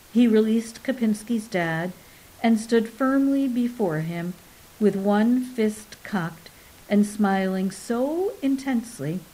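Slow, measured woman narrating a novel. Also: mid-range voice, mellow, poor audio. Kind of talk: audiobook narration.

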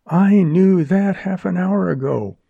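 A man's voice: high voice, slow pace, gravelly, husky, no echo, voice pushed up, full character voice. A man reading an audiobook, voicing a fierce, commanding young woman held captive by outlaws. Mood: urgent. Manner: sharp, commanding, urgent. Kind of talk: audiobook character voice. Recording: dull lo-fi recording.

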